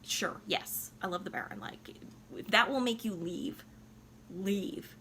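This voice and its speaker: A woman's voice: mid-range voice, slow pace, pushed and bright, slight background noise. A tipsy woman voicing a dying young woman, weary and breezy about her fate. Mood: resigned. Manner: breezy and offhand about death.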